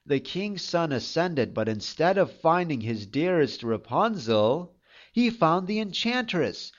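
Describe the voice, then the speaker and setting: A storyteller reading a fairy tale aloud in an expressive, unhurried manner. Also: mid-range voice, highs cut off.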